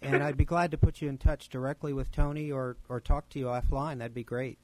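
A man answers questions on a call, polite and measured. He sounds close and dry, with no room around him. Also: mid-range voice, fairly even intonation, darkish tone, no room sound, rough recording.

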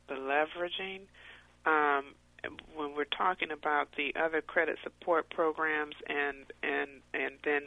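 Guy on a tinny phone line, gravelly voice, stumbles through his question with lots of ums. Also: on the high side, no echo. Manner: halting, many fillers and restarts. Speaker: caller asking questions. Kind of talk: conference call question.

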